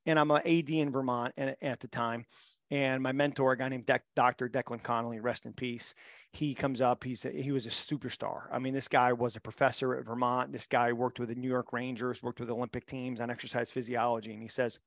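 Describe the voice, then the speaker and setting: A man's voice: medium pitch, little pitch movement, a little fast, dry recording, clean studio sound. A middle-aged man and mental performance coach, telling stories in a podcast interview with a blunt, emphatic, motivational manner.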